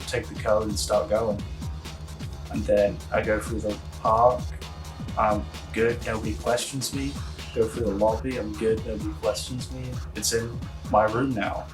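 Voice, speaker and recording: Flat, low-voiced young man rambling deadpan. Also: distant mic, rough recording. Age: young adult. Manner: rambling, many fillers, deadpan. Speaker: interviewee. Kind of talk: casual storytelling interview.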